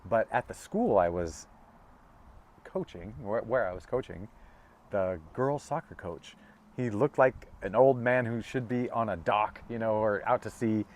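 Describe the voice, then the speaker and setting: A man's voice: fairly low pitch, unhurried, darkish tone. A middle-aged man giving a casual, heartfelt tarot reading that wanders through stories, with many stops and restarts. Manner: rambling, emotional, with many restarts and self-interruptions. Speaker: tarot reader.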